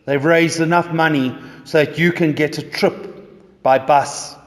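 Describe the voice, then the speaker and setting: A man's voice: a little high, steady tone, measured pace. A man preaching a sermon, telling a story dramatically in the second person. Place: church. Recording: echoey church reverb.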